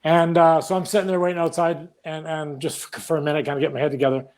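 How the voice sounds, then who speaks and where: A man with a slightly high voice spins lively stories in casual conversation. He acts out what everyone said as he goes, one anecdote running into the next. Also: fast. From Canada. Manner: animated anecdotes, acts out quoted dialogue. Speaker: guest, retired boxer. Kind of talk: casual storytelling.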